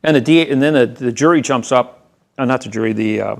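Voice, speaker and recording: A man speaking at a seminar, telling a long story in a rambling, halting way with frequent restarts and a colloquial "I says". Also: medium pitch, creaky. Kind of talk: storytelling lecture.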